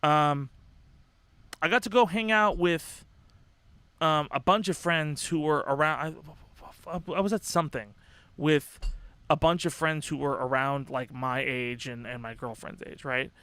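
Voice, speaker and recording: Young man, livestream host, high-pitched, impassioned, profane, rambling. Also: fairly even intonation, unhurried, sharp tone, smooth, no room sound. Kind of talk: casual livestream commentary.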